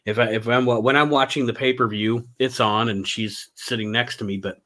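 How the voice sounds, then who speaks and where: A man's voice: medium pitch, fairly even intonation, a little fast, bright, forceful tone. Chatty man recapping wrestling. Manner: chatty storyteller, agreeable. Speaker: podcast co-host.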